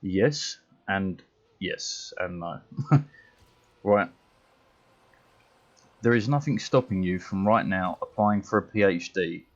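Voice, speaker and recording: A young British man streaming a game, chatting casually in a blunt, sweary way and laughing often. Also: sits low. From Britain. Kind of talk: casual chat while gaming. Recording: dull lo-fi mic.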